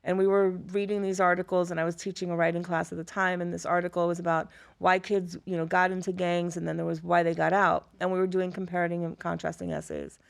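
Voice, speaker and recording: She talks fast with few pauses, in a voice on the low side marked by vocal fry. The speaker is a middle-aged former high school teacher from Florida, a guest relating personal stories in conversation and vividly acting out the dialogue she quotes.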